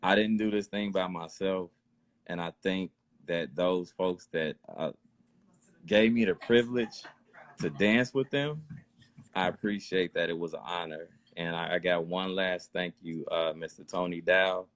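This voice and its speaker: A man, a guest dancer, giving thanks in a casual, halting way with many fillers. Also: low voice, no room sound.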